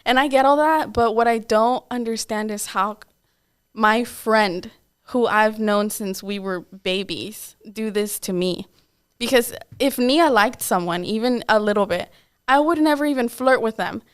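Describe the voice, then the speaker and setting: A woman's voice: fairly high pitch, a little slow, smooth. A young woman co-hosting a podcast, casually telling a personal story with lots of "like" and acted-out quotes. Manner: candid, lots of "like" and quoted asides. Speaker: podcast co-host.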